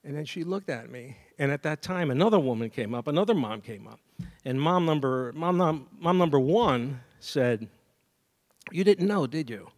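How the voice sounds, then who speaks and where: A man giving a graduation speech as a saxophonist, telling a story lively and scatting melodies. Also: mid-range voice, moderate pace. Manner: lively storyteller who scats melodies and acts out dialogue. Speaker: commencement speaker and saxophonist. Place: university degree ceremony.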